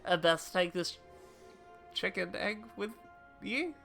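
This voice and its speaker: Woman putting on a gruff harbor tavern man, put-on seafaring accent, exaggerated, bright tone, game music faint. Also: on the low side, lively intonation, takes it slowly, pitched above the performer's own voice, heavily acted. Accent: put-on rough seafaring accent.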